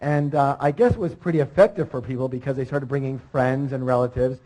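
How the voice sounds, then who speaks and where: A man giving an energetic motivational seminar talk, calling out questions to the audience. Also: mid-range voice, quick pace, poor audio. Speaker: seminar speaker.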